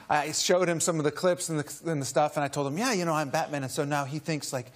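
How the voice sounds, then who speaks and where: A man's voice: fairly high pitch, fairly quick. A man, a guest on a chat show, telling an amused story and laughing often. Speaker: guest actor. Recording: noisy studio with audience.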